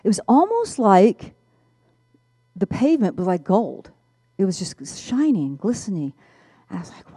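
A woman telling a personal testimony in an animated storytelling manner, acting out the voices. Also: mid-range voice, measured pace, long pauses, slightly rough, no echo. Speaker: speaker giving a testimony.

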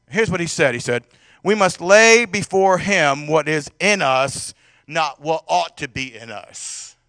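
A male pastor preaching a sermon in a conversational way, asking the congregation questions and swinging between loud and soft passages. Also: a little high, no echo, clean studio sound.

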